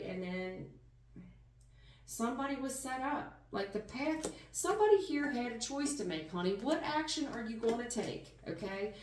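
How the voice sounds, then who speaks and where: A woman's voice: fairly high pitch, animated, moderate pace, a little mellow, slight background noise. A woman giving a casual tarot reading in an emphatic, folksy manner, calling the listener hon and baby. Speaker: tarot reader. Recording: roomy sound, distant mic.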